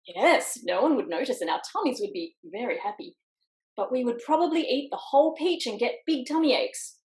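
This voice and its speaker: A woman's voice: on the high side, animated, fairly quick, a little mellow, roomy sound. A woman reading a picture book aloud to children over a video call, switching between character voices. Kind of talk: storytime read-aloud.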